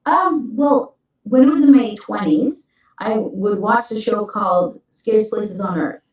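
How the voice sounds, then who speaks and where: A woman's voice: medium pitch, unhurried, darkish tone. Canadian woman guest, says like a lot, echoey room, sounds far off. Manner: casual, filler-heavy speech. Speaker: guest paranormal investigator.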